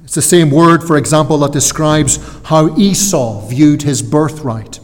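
A man preaching an expository sermon, earnest and emphatic, slowing down to give weight to key phrases. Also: fairly high pitch. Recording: long hall reverb.

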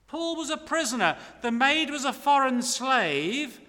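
A man's voice: extremely high pitch, very animated, a little slow, pushed and bright. An older man preaching an emphatic, impassioned sermon from the front of a church. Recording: long hall reverb.

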